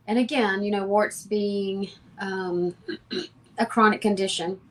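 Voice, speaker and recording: In an interview, a homeopath guest shares advice slowly in a medium-pitched voice. She is calm, instructive, and matter-of-fact.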